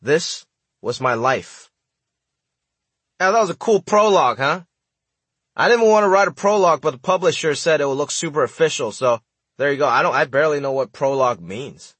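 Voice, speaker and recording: A man's voice: a little high, lively intonation, a little fast, a bit bright, slightly rough, dry recording. A man from Hong Kong reading his own memoir aloud in a wry, comic storytelling manner. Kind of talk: audiobook narration.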